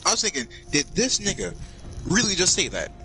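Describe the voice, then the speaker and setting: A young man with a high voice that leaps wildly up and down as he tells his story, swearing freely. Game music plays steadily behind him. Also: fairly quick. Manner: animated, profane storytelling. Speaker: stream guest. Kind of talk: casual chat.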